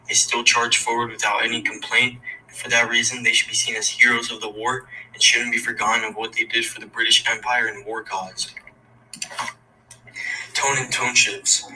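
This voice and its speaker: Male student presenter, monotone, bright edgy voice, distant mic with faint background noise. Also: mid-range voice. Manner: reads from a script in an even, steady delivery. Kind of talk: reading a class presentation aloud.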